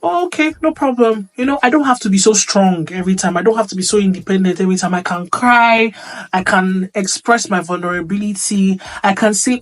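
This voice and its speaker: A woman's voice: medium pitch, a little fast. A woman giving an earnest motivational talk. She repeats her points and keeps checking that the listener understands. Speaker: speaker on womanhood.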